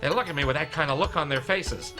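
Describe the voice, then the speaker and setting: An actor playing a self-mocking, out-of-shape husband, telling a story in a wry, self-deprecating comic monologue, with music behind. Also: male voice, fairly high pitch, fast talker, lightly acted. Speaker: film character narrating a monologue.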